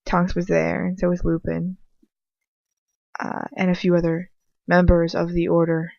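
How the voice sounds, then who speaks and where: A woman reading aloud and voicing an earnest young male wizard in a plain lowered voice, a loyal friend. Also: completely flat delivery, measured pace, gravelly, no room sound, highs cut off. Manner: reads him in a lowered, plain voice.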